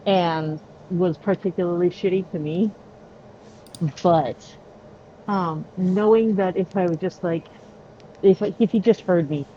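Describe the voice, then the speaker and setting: Slow-talking woman, casual and blunt. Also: lowish voice, warm tone, muffled recording, slight background noise. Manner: slow, swearing, drawn-out storyteller. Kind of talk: casual chat.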